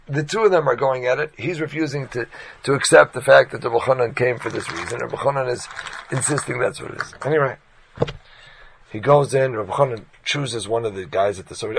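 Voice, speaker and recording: A man preaching by telling a story in an animated, colloquial way. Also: mid-range voice, normal speed, gravelly, long pauses, slight background noise, rough recording. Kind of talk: storytelling sermon.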